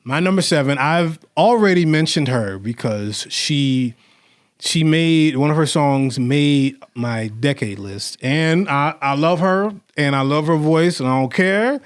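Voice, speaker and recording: A man co-hosting a podcast in casual chat, animated and rambling, often restarting his sentences. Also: on the high side, unhurried, smooth. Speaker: podcast co-host.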